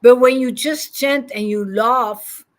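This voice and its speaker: Slow-spoken woman. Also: fairly high pitch. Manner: slow, reflective, laughs often. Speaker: spiritual teacher. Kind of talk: informal devotional talk.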